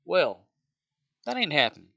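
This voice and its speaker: A man's voice: fairly high pitch, big pitch swings, unhurried, vocal fry, sharp tone, highs cut off. Worn-out man ranting profanely while gaming. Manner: rambling, profane, exasperated, chuckles often. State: worn out, low energy. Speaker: gaming streamer venting about work. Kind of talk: casual rambling rant while playing a game.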